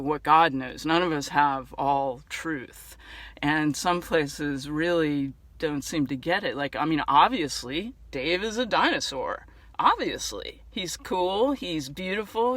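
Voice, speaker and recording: A man's voice: a little high, pushed and bright, no room sound. A man giving a casual, playful spiritual video talk as a church minister, chatty and encouraging, laughing now and then.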